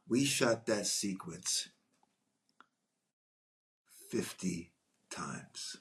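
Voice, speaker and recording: A man, an actor, telling stories from a film shoot in a casual, animated way, often restarting his sentences. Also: on the low side. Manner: animated, rambling, frequent restarts. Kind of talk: casual anecdotal storytelling.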